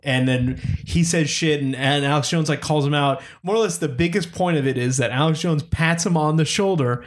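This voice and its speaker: A man in casual, profane chat, telling animated stories and quoting people. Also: a little high. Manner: fast, animated storytelling with quoted voices.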